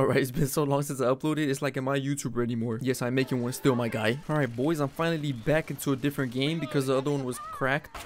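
A young man giving slangy, hyped gameplay commentary as a gaming YouTuber, shouting when things go wrong. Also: mid-range voice.

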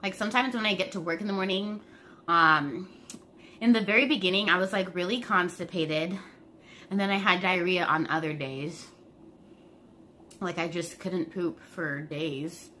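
Bright-voiced young woman vlogging while eating. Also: lowish voice, normal speed, pauses often, a little hiss or hum. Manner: chatty and profane, talking while eating. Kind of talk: casual mukbang vlog.

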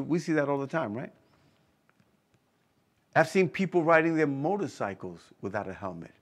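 A man preaching a sermon with emphasis, repeating key phrases and asking the listeners whether they are hearing him. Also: medium pitch. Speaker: pastor.

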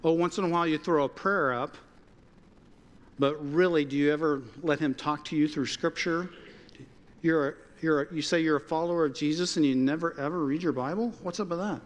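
Animated preaching man in a reverberant hall. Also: on the high side, fairly quick. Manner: animated, conversational preaching with quoted dialogue. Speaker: pastor. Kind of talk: sermon. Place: church sanctuary.

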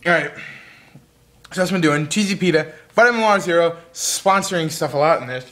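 A man's voice: a little high, brisk, pushed and bright. A young man chatting casually in a home vlog, rambling and goofy, jumping between topics while he eats. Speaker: vlogger.

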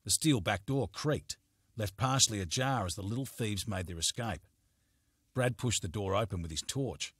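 A man narrating a crime novel as an audiobook in a steady, measured storytelling manner, recorded on a close studio mic. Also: lowish voice, breathy edge, no room sound.

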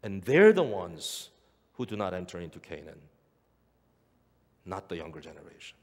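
Lively-voiced pastor preaching in a reverberant church. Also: male voice, low voice, normal speed. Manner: earnest preaching with rhetorical questions and repetitions. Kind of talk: sermon. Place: church sanctuary. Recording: long hall reverb.

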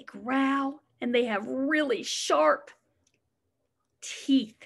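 A woman's voice: high voice, extremely slow, creaky, fairly bright tone. A woman preschool teacher reading a picture book aloud to young children, sing-song and encouraging, stopping to ask them questions.

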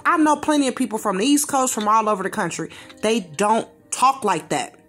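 A woman's voice: fairly high pitch, a little fast, a bit bright, faint music behind. A woman giving a blunt reaction rant in slangy, informal speech, repeating phrases for emphasis. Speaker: commentator reacting to a video.

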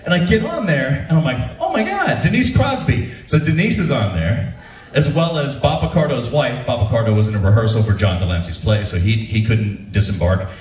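A male comedian telling stand-up stories in an animated way, often laughing at his own material. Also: mid-range voice, fairly quick. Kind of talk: stand-up storytelling. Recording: roomy, from far off.

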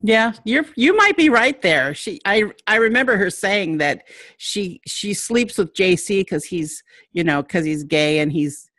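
A co-host of middling pitch chatting casually about a show, mostly answering with easy agreement. The sound is dry and close, with no room echo. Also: unhurried. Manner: brief agreeing replies, relaxed. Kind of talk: casual commentary chat.

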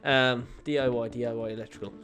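A man giving excitable let's play commentary, swearing and playing up mock outrage. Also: medium pitch, fast talker, soft background music. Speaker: gaming video creator.

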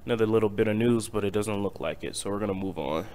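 A man hosting a casual crypto market update, talking in a low-key, sleepy near-monotone and chuckling lightly now and then. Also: fast talker, slight background noise. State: not fully awake. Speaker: crypto channel host.

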